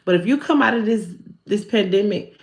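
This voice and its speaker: A woman voicing God, calm and coaxing. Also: medium pitch, brisk, lightly acted. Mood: patient, testing. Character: God, male, patient and testing.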